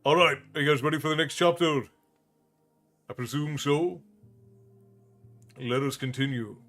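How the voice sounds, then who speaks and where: A man's voice: on the high side, normal speed, fairly bright tone, faint music behind. Man from Ireland hosting a livestream. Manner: friendly, rambling, greets viewers by name. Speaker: livestream host and storyteller. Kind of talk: casual chat with stream viewers.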